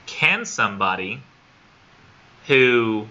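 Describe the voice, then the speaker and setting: A man teaching a college English class in a casual, animated lecture with many fillers. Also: lowish voice, drawn-out words, dull audio.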